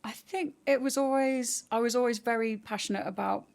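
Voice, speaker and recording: Woman guest, gravelly fry, animated and chatty storyteller. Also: fairly high pitch, brisk. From England. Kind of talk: casual interview chat.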